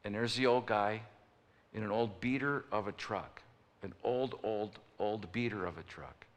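In a sermon recorded with a large hall's long reverb, a pastor with a lowish voice speaks a little slowly. He tells stories and acts out the people in them.

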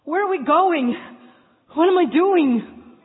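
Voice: medium pitch, flat delivery, quick pace, lightly acted. A narrator doing a frightened, stammering orphan boy. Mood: fearful. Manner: fearful, stammering, pleading. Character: frightened, doubting young male orphan. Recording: tinny, echoey hall, faint music.

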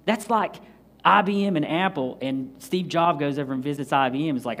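A man preaching a conversational Bible study sermon, acting out scenes with quick asides. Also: fairly high pitch. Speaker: pastor.

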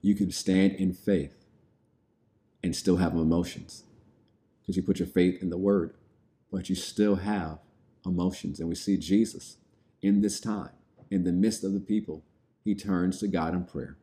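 A man's voice: low-pitched, fairly even intonation, moderate pace, pauses often, dark tone. A man preaching a sermon, reading scripture aloud and then explaining it in plain, everyday words.

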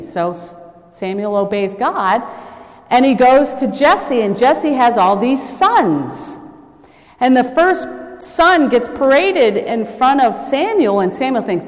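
A woman's voice: a little high, sing-song, slow pace. A woman giving a sermon in a church, telling a story and lightly acting out the people she quotes. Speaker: preacher. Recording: long reverb of a large hall.

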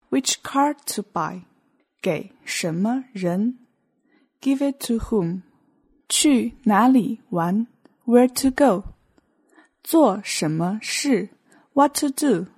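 Woman podcast teacher, young adult; unhurried, patient explainer with a husky, mellow voice. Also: fairly high pitch. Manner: slow, patient explaining, switching between English and Mandarin examples. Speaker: Mandarin teacher. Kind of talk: podcast language lesson.

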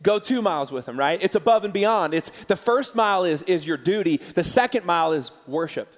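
High-voiced pastor preaching in a hall. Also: male voice, brisk. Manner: animated, laughing storyteller. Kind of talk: sermon storytelling. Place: church auditorium. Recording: large hall with live audience.

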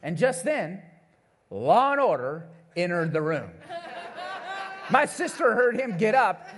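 A man preaching a sermon, telling a family story in a playful, animated way and checking in with the congregation as he goes. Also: sits high, slow pace. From Missouri, USA. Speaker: pastor.

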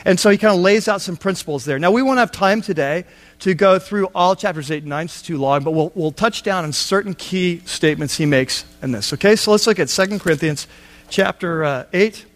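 A man's voice: fairly high pitch, normal speed, a bit bright. A man preaching a sermon on a Bible passage, talking conversationally with asides and acted-out quotes. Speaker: pastor.

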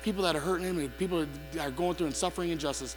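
Man, preacher, sermon, impassioned delivery, slightly high voice, long hall reverb. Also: racing, faint music behind. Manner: reads scripture then builds to impassioned calls.

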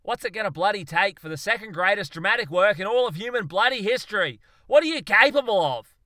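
A man doing a gruff, weary man. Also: medium pitch, fairly quick, pushed and bright, no room sound, natural voice. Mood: furious. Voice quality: swears a lot, gruff.

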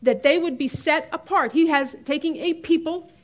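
A woman's voice: high-pitched, normal speed. A middle-aged woman teaching a women's Bible study class in a chatty way, often laughing and stressing key words.

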